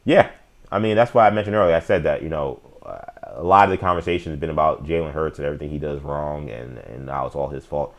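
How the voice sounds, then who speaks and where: A man with a rumbling low voice talks fast while hosting a casual live-stream sports talk show, speaking straight to his chat viewers. He's opinionated and slangy, with frequent fillers and restarts.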